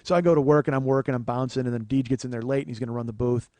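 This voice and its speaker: A man in his forties tells a long comic story as a podcast host. His speech is rambling and profane, with sudden rants. His pitch sits mid-range and the recording is dry and close. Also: fairly even intonation, rapid-fire, mellow, no echo. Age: 40s. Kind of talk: storytelling monologue.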